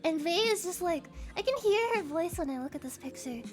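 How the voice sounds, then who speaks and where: A woman's voice: very high voice, lively intonation, fairly quick, faint music behind. A woman streamer chatting casually to her live audience, giggling often, rambling and swearing freely.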